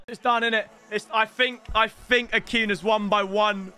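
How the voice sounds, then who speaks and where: Excitable young gamer, high and bright. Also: male voice, normal speed, hardly any pauses. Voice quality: loud shouting outbursts and laughing banter. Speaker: gaming YouTuber. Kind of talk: excitable gameplay commentary.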